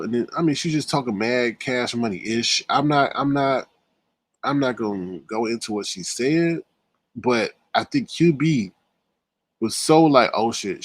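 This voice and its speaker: Animated, mocking man with lively pitch. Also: husky, no echo. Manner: animated, mocking, laughs a lot, talks to chat. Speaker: commentary show host. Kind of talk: casual reaction commentary.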